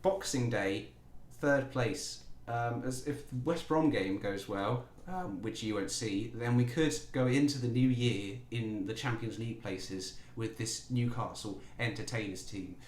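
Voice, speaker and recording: A gaming YouTuber gives casual, jokey let's-play commentary, talking playfully to his players. His mid-range voice runs a little slow, and the recording has a roomy echo.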